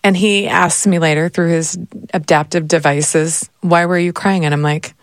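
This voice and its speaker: Lively laughing woman host, dry close sound. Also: on the low side, normal speed, dry recording. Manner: animated storyteller, laughs often, acts out quotes. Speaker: podcast host. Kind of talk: casual conversation.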